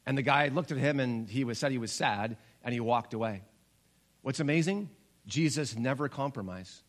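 A pastor in his forties preaches a sermon in a medium-pitched voice at normal speed. He tells stories and acts out the voices of the people he quotes.

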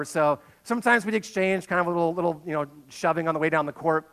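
A man delivers a sermon with a noticeably high voice for a man. He is an animated storyteller. He sinks to a hush on solemn lines and rises loud and quick when the anecdotes take over. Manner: animated storytelling, swinging between hushed and loud. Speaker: pastor.

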